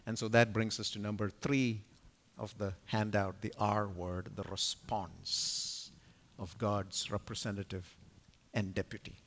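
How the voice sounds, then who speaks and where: A man giving an expository Bible teaching at a conference, emphatic and full of rhetorical questions, his loudness rising and falling sharply. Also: fairly low pitch, flat delivery, a little slow. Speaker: conference speaker teaching scripture. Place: conference venue.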